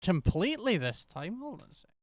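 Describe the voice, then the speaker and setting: Rambling Scottish game streamer. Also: male voice, high-pitched, very animated, a little fast, darkish tone, no room sound, clean studio sound. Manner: rambling, thinking aloud while troubleshooting. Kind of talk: casual gameplay commentary.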